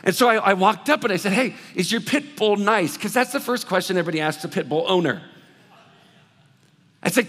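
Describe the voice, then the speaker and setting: A man preaching a sermon, telling a story with lively acted-out dialogue before moving into scripture. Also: high-pitched, fast. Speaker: pastor. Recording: reverberant hall sound.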